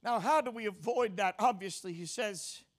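A man with a notably high voice delivers an expository sermon. He pauses often on "uh" and corrects himself mid-word. He hammers his points home with repeated phrases. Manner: frequent "uh" fillers and self-corrections; emphatic repetition, rising to forceful declarations. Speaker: preacher.

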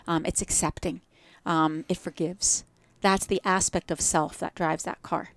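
A woman's voice: on the low side, level tone, a little slow, no echo. A woman with a New Jersey accent, a guest in a casual podcast conversation, speaking reflectively about spiritual growth. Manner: reflective, spiritual, talks in metaphors.

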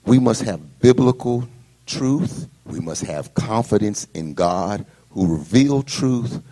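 A middle-aged pastor preaching in a husky, lowish voice. His delivery swoops up and down as he tells the story in a folksy, conversational way, drawing the congregation along. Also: darkish tone. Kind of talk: sermon.

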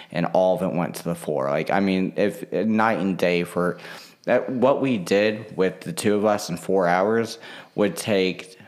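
Very deep-voiced rambling man. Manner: rambling, full of fillers and restarts. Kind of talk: casual monologue.

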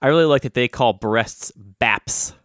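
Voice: mid-range voice, moderate pace, a little hiss or hum. A podcast host chatting casually, teasing the co-host in a dry way. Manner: dry teasing, lively intonation. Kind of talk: casual chat.

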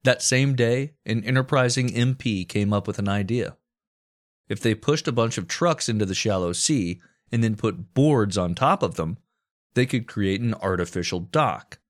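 A man's voice: fairly low pitch, expressive, moderate pace. A man co-hosting a comedy podcast, narrating war history in a casual, profane, joking way. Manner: storytelling with crude jokes and profanity.

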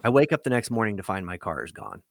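A man's voice: lowish voice, big pitch swings, fast, gravelly, slight background noise. A man telling a rambling, profane story in a casual chat as a podcast host.

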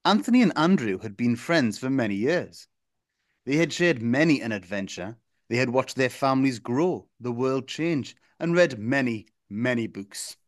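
A man reads a silly story aloud to his co-host. His pitch sits in the middle of the male range and his delivery stays deadpan, slipping into chuckles. The recording is close and completely dry. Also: normal speed, dry recording. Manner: deadpan reading, breaking into chuckles. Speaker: podcast co-host reading a listener's story.

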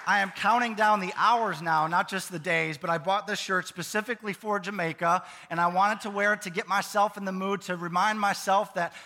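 A man preaching a sermon as pastor of a church, lively and conversational, with playful asides to the congregation. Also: high-pitched, brisk, hardly any pauses, a faint crowd. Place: church sanctuary. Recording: long reverb of a church hall.

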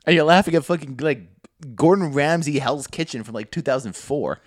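A man's voice: fairly high pitch, brisk, dry recording, studio quality. A young man co-hosting a podcast, chatting casually, swearing freely and acting out quotes with laughter. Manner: loose, laughing storyteller, swearing, acts out quotes. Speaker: podcast co-host. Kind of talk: casual chat.

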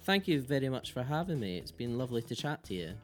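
A man with a Scottish accent, a podcast guest chatting casually, animated and laughing often. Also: mid-range voice, fast talker, faint music behind. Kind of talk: casual chat.

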